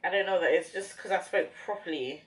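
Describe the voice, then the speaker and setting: Low-voiced young woman chatting reflectively. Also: a little fast. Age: young adult. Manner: reflective, rambling, many fillers. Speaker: beauty vlogger. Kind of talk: casual chat while doing makeup.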